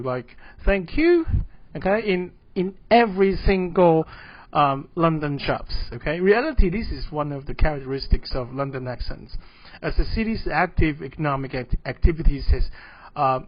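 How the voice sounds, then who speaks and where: A man's voice: a little high, no echo. Man lecturing, with frequent "okay?". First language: Mandarin. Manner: frequent "okay?" checks, hesitant fillers. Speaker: university lecturer. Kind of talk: classroom mini-lecture. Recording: dull, dry classroom audio.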